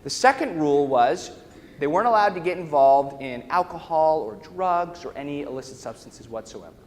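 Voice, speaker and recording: A man with a fairly high voice leads a workshop, telling a story to a live audience and often pausing to check in with the room. His voice carries a long hall echo over faint background ambience. He sounds like a trainer speaking from the front of a large lecture hall. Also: lively intonation, a little hiss or hum.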